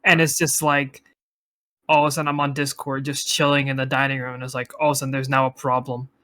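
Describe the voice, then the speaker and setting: A man's voice: medium pitch, completely flat delivery, fast, bright, forceful tone. A young man co-hosting a podcast, telling rambling stories in casual chat, swearing freely and laughing often. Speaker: podcast co-host.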